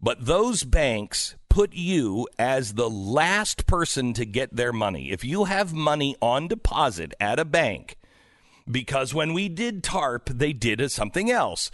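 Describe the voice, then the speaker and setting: A man hosting a radio talk show, delivering an impassioned political monologue and yelling at his listeners. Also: medium pitch, sing-song, unhurried, no room sound. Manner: ranting, yelling at the audience.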